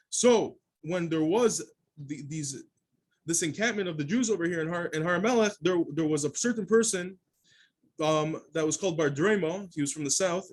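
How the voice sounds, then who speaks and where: A man's voice: high-pitched, expressive, moderate pace, slightly rough. A man, a rabbi, teaches a daily Talmud class, reading each Aramaic phrase and then explaining it in English, often restarting mid-sentence.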